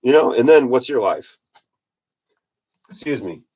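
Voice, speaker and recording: A man's voice: medium pitch, expressive, unhurried, dull audio. A man giving a casual motivational monologue in a rambling, folksy manner, often correcting himself. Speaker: self-help speaker.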